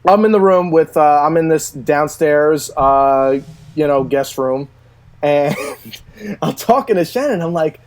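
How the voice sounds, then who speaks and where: High-voiced man rambling in casual chat. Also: expressive, a little slow. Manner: rambling, lots of fillers and laughs. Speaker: co-host.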